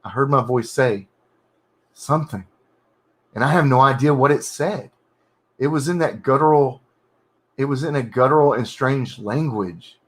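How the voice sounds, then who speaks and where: A man reading his own horror story draft aloud, pausing in halting bursts to correct his wording and comment on it. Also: mid-range voice. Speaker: writer streaming his editing.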